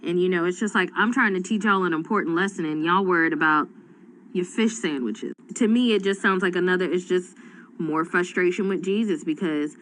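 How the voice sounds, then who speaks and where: Casting note: animated woman in her thirties, conversational Bible study, faint background hiss. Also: lowish voice, a little fast, poor audio. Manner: animated, acts out voices in retelling. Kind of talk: casual Bible study chat.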